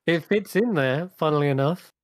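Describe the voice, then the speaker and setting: A man running a tabletop game as game master, relaxed and chatty, often laughing. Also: on the high side, moderate pace, dry recording.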